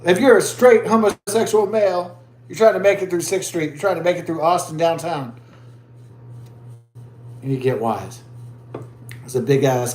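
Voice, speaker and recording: A man's voice: fairly high pitch, moderate pace, pauses often, a little mellow, roomy sound. A man vlogging as he drinks a beer, telling a rambling story in crude, profane, rambling talk.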